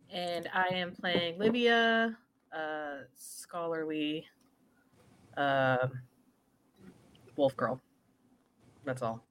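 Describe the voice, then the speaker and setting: A woman's voice: fairly low pitch, fairly bright tone, smooth. A woman introducing herself as a tabletop game player in an offhand, trailing manner. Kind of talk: casual chat.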